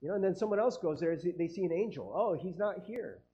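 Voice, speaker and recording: A man's voice: sits high, lively intonation, a little fast, dark tone. A man preaching a conversational sermon as a pastor, chatty and casual, acting out quoted voices and laughing often. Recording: dull lo-fi sound.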